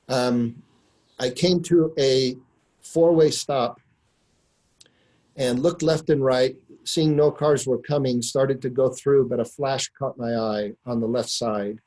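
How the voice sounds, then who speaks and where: Man, mid-pitched, earnest storytelling, slows for emphasis. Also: warm tone, rough recording. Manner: earnest storyteller, slows to stress key words. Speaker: webinar speaker. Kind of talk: storytelling in a webinar talk.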